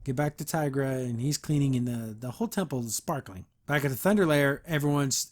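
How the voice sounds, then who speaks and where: A man's voice: mid-range voice, a little fast, few pauses, darkish tone. A male podcast host giving a casual recap of a cartoon episode, breaking in with mocking, disbelieving asides. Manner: mocking, incredulous asides with chuckles.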